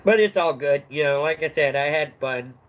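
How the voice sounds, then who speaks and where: A man's voice: a little high, normal speed, poor audio. A middle-aged man hosting a livestream, telling a rambling story in a casual chat and laughing at his own tale. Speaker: livestream host.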